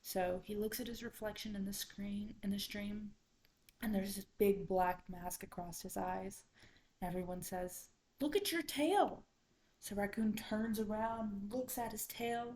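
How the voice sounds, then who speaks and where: A woman student tells a folktale from memory, in an expressive storytelling voice. Her pitch sits in the middle range. At the suspenseful moments she sinks into a whisper. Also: poor audio. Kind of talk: oral folktale retelling.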